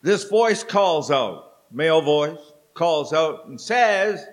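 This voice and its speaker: A middle-aged man preaching a sermon in church, telling stories with dramatic pauses. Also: fairly high pitch, big pitch swings. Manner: slow, storytelling delivery with dramatic pauses. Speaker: pastor. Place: church sanctuary.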